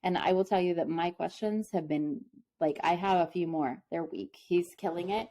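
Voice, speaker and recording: A woman's voice: on the low side, moderate pace, warm tone. A woman co-hosting a podcast in a playful, teasing casual chat, laughing easily. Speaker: podcast co-host. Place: home.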